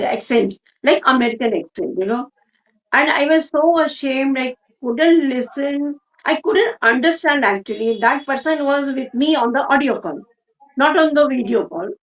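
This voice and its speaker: A woman's voice: high voice, expressive, moderate pace, roomy sound, distant mic, dull audio. A woman with an Indian English accent hosting a casual English conversation, chatty and full of "you know" tags. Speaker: host asking questions.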